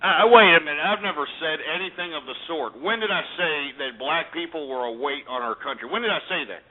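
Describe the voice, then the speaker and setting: A man's voice: on the high side, fairly quick. A man hosting a call-in radio show, ranting in a profane, mocking, bombastic way. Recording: tinny phone-line radio sound.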